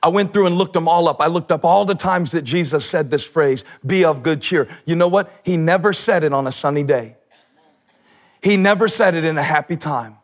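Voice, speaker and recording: A man preaching a sermon on a church stage, animated, shouting for emphasis and tossing in joking asides. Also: a little high, normal speed. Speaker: pastor.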